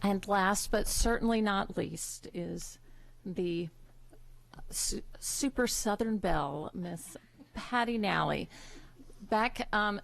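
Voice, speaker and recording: A woman's voice: mid-range voice, no echo. A woman presiding over a public school board meeting, giving a heartfelt tribute with frequent fillers and restarts. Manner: warm, halting, with many fillers and restarts.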